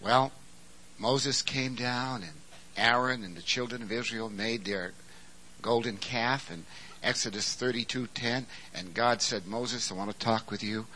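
A man preaching a sermon, swinging from quiet explanation to shouted emphasis. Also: mid-range voice, measured pace, a little hiss or hum, rough recording.

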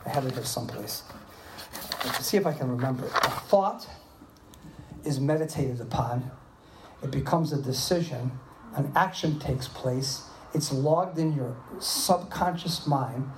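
A man in his seventies preaching a sermon, telling animated personal stories and checking in with the listeners. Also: mid-range voice, unhurried, slight background noise. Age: 70s. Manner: animated storytelling, asks "Are you with me?". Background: audience responding.

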